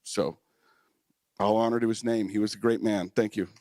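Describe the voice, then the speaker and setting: A man's voice: fairly low pitch, steady tone, moderate pace, background noise. A man speaking at a memorial, telling personal stories in an emotional, heartfelt way with occasional fillers. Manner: emotional, warm storytelling with fillers.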